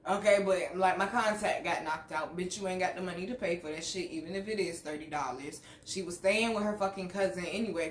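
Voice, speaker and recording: A woman telling a story with a lot of profanity and laughter, then dropping to hushed asides, in a casual chat on her channel. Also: fairly low pitch, fairly quick, hardly any pauses. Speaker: channel host. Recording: echoey room with faint noise.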